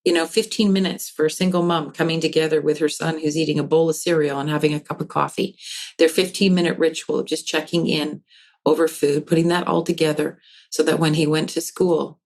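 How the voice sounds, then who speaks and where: In a podcast interview, a woman who works as a developmental counselor and author speaks in a deep voice at a slightly fast pace. She explains animatedly, acting out parents' voices in quotes.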